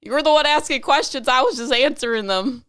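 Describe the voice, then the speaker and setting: A woman's voice: high-pitched, a little fast, a bit bright, clear, resonant tone, no room sound, clean studio sound. A woman co-hosting a podcast in casual chat, chatty and jokey, telling dad jokes. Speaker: podcast co-host.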